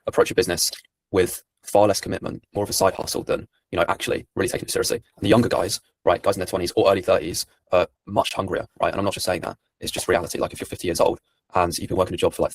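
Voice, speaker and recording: A man in his early twenties working as a sales closer, calm and persistent, answering with more questions. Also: low voice, creaky, husky, dry recording. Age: 20s. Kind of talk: sales call conversation.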